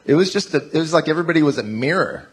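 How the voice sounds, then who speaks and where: A man in his forties preaching a conversational sermon, telling self-mocking stories in an animated way. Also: on the high side, very fast, breathy edge. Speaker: pastor.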